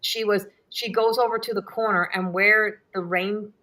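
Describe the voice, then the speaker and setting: Bright-voiced woman telling lively stories. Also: mid-range voice, moderate pace. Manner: animated, laughs often, acts out her own shouts. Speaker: host. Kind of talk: casual live Q&A storytelling.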